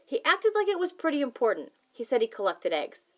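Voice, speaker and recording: A woman voicing an excited young boy who rushes to explain things, for a storybook reading. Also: sits high, highs cut off, pitched above the performer's own voice. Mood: eager. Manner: eager, rushing to explain.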